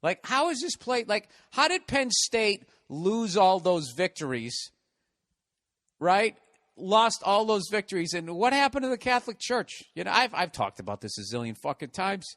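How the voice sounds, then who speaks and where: A man in a comedic rant, swearing freely and sounding thoroughly fed up. His voice sits somewhat high for a man. He builds his points with exasperated asides. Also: big pitch swings, normal speed, fairly bright tone. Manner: profane, exasperated ranting.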